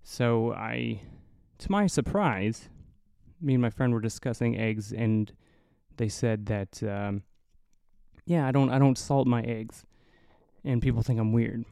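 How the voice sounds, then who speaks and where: A young Midwestern man with a nasal voice hosts a casual solo podcast. His tone is mellow and smooth, a bit low for a man. He rambles, swears and pokes fun at himself, recorded close with no room echo. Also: slow. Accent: Midwestern American. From American Midwest. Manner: rambling, profane, self-mocking. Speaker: podcast host.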